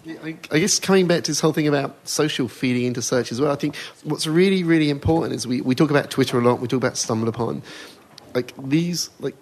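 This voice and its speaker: Fast-talking man on a panel. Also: fairly high pitch, darkish tone. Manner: rapid, filler-heavy with repeated "like". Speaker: panel speaker. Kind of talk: panel discussion.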